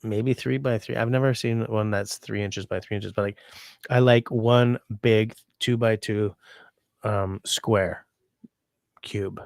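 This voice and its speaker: Man, host reading viewer comments, rambling, sick, lowish voice. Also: slow, gravelly, no echo, studio quality. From Canada. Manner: rambling, relaxed, reads viewer comments aloud. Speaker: livestream host. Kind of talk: casual livestream chat.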